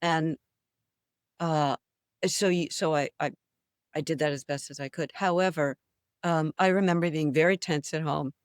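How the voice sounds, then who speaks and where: A woman's voice: deep voice, moderate pace, pauses often, smooth, no echo, clean studio sound. An older woman, an actress, talking as a guest in a casual interview, telling stories with animation and frequent laughter. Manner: animated storyteller, laughs often. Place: New England.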